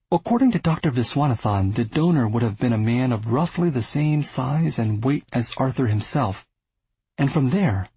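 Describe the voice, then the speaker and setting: A man reading a literary novel aloud in a measured, steady narration. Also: mid-range voice, breathy edge, dry recording, poor audio. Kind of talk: scripted audiobook narration.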